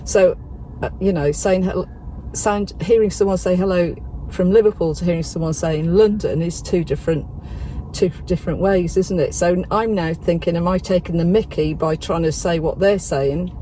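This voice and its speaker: A woman's voice: lowish voice, moderate pace, dark tone, a little hiss or hum. A woman from the UK vlogging a van trip, chatting and laughing casually. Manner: giggly, chatty. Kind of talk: casual travel chat and voice-over.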